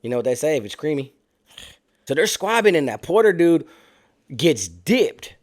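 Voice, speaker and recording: A man's voice: fairly high pitch, very animated, moderate pace, a little mellow. A man casually telling a story in street slang, animating it by acting out what other people said. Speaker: storyteller recounting prison life.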